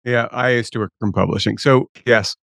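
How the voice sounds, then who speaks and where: A man's voice: mid-range voice, steady tone, moderate pace, gravelly, fairly bright tone, no echo, clean studio sound. A man co-hosting, chatting casually with a wry, self-deprecating manner. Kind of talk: casual chat.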